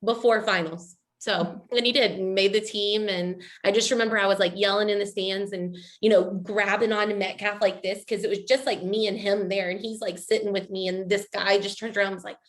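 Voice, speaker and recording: A woman's voice: medium pitch, fairly even intonation, brisk, hardly any pauses. Rambling woman telling a story. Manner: rambling, many fillers and "you know". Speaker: coach's wife. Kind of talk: casual storytelling.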